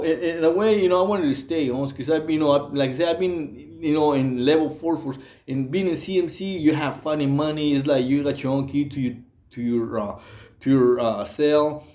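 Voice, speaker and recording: A man's voice: a little high, moderate pace, a little mellow, echoey room. A man from Mexico, casually telling prison stories in a rambling way, full of fillers, restarts and slang. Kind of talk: casual storytelling monologue.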